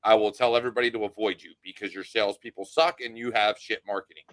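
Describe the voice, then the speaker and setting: A man's voice: fairly low pitch, fairly even intonation, quick pace, dry recording. A man hosting a casual interview, blunt and outspoken, swearing freely. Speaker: podcast host.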